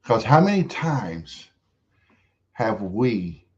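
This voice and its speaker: A man hosting a devotional talk who speaks reflectively, pausing and letting his phrases trail off softly. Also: fairly low pitch, big pitch swings, lo-fi sound. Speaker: host.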